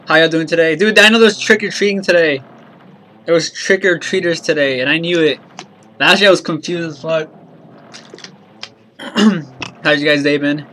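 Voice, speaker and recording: A man hosting a game stream, chatting loosely and upbeat with his viewers. His voice sits a touch high and sounds bright and forward. He talks in easy slang. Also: normal speed, long pauses, slight background noise. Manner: upbeat, greets chat by name, slangy. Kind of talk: casual live-stream chat.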